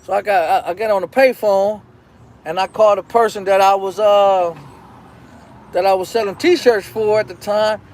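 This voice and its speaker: A man's voice: high voice, steady tone, moderate pace, a little mellow, a little hiss or hum. A man hosting his own show, telling a rambling, profane personal story in a casual, repetitive way. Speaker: show host.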